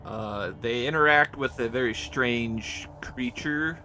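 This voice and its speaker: A man's voice: medium pitch, slow pace, pushed and bright, slight background noise. A man recapping his tabletop campaign as game master, rambling and hesitant with many fillers and restarts.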